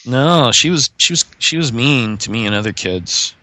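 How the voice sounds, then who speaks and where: A man's voice: medium pitch, lively intonation, pushed and bright. A man voicing a hesitant teenage boy. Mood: uneasy. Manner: hesitant, halting. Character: nervous teenage boy student, tentative.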